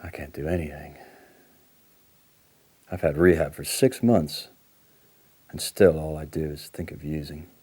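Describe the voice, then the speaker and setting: Late-forties man, playing a deep-voiced, raspy, volatile addict in counselling; swings from outbursts to shame. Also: fairly even intonation, measured pace, pauses often, warm tone, exaggerated voice. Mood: angry, bitter. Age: late 40s. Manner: swings between outbursts and low, muttered apology. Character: angry recovering male addict near fifty, volatile and ashamed. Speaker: counselling client in a training role-play.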